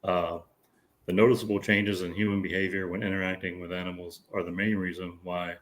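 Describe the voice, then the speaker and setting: Very deep, flat-voiced man reading news. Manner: steady, measured reading.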